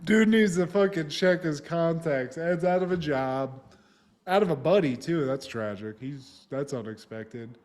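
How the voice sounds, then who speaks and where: A man's voice: a little high, unhurried, a little mellow. Podcast co-host, young man with a light voice, loose and profane, performs the dialogue as he retells. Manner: profane, acts out characters' lines while retelling. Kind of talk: casual chat recapping a TV episode.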